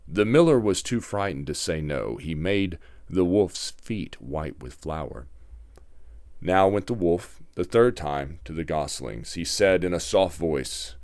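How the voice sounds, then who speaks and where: A man narrating a fairy tale in a measured, dramatic storybook reading. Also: sits low, expressive, darkish tone, dry recording, studio quality.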